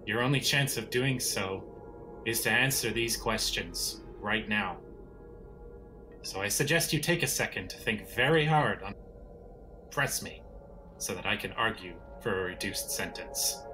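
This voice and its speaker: A man's voice: on the low side, natural voice. A man voicing a stern male interrogator who presses a prisoner in a firm, threatening way.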